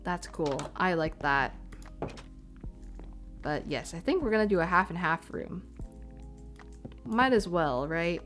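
With a lowish, somewhat bright voice, she speaks slowly and expressively, pausing often, while faint music plays. The young Canadian woman is live streaming a game from a room at home, chatting casually, thinking aloud, and apologizing, and she occasionally leaves the range of her desk microphone.

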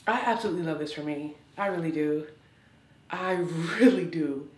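A woman's voice: sits low, moderate pace. A young woman vlogging a swimsuit try-on haul in sassy, exuberant casual chat. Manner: sassy, exuberant, says "child" often. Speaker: fashion vlogger. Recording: roomy, from a distance.

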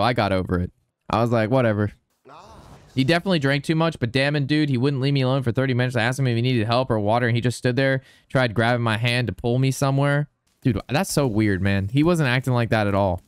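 A young man giving casual gameplay commentary as a streamer, rambling, excitable and swearing a lot. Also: mid-range voice, brisk, smooth, no echo, studio quality.

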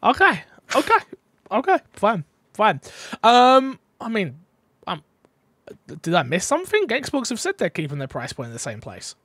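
A man's voice: high-pitched, wildly swooping pitch, normal speed, pauses often, pushed and bright, slightly rough, dry recording. A man hosting a casual gaming podcast, playful and teasing as he reads out listener questions. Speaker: podcast host.

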